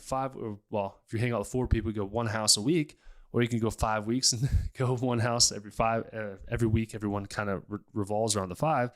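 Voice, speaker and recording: A man in a mid-pitched voice talks casually as a health show host. He is blunt and emphatic, hammering his points home with repetition. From United States. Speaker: chiropractor-style health podcast host. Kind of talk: casual health advice talk.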